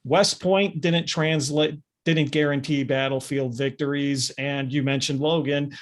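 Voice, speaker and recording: A man's voice: a little high, fairly even intonation, unhurried. A man confidently explaining his view in a casual history podcast discussion. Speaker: podcast panelist.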